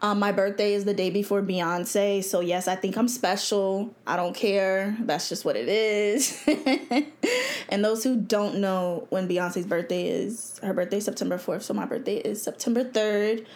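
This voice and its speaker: A young woman, hosting her own podcast in a blunt, chatty way and laughing often. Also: medium pitch. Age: 20s. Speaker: podcast host. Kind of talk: casual solo podcast talk.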